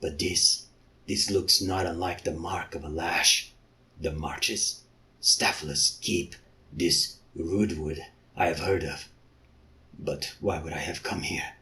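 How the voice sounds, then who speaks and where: A man voicing a bewildered giant warrior with a leopard head, who speaks in a low, slow mutter. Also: steady tone, pushed and bright, heavily acted.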